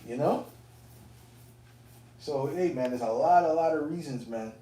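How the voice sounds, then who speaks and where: A man casually telling a personal testimony to fellow believers, animated and profane, with streetwise phrasing. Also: a little high, measured pace. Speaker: elder speaking to fellow believers. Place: indoor camp meeting room. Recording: roomy, distant mic, faint room noise.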